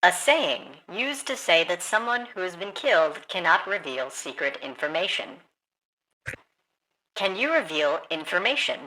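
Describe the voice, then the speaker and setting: A woman's voice: measured pace, exaggerated voice, low-quality recording. A woman voicing a stiff, overly formal and oddly polite adventurer in a tabletop game. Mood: stiffly formal. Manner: stilted, formal phrasing with lively swings in pitch.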